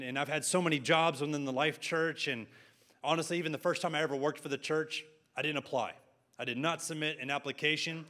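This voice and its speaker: A middle-aged pastor preaches a sermon. He tells personal stories and slips in self-deprecating asides. His voice sits a little above the usual male pitch. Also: fairly bright tone.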